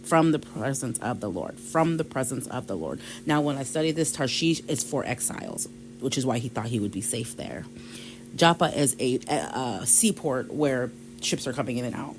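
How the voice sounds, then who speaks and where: A woman's voice: extremely low pitch, animated, normal speed, slight background noise, poor audio. A woman hosting a devotional podcast, retelling a scripture passage in a casual, conversational way. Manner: conversational, retells scripture with quoted voices and light laughs. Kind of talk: casual Bible study talk.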